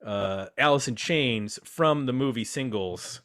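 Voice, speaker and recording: A man hosts a casual podcast roundtable in a mid-pitched voice. He is chatty and self-deprecating as he introduces his guests. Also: a little slow, a bit bright. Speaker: podcast host.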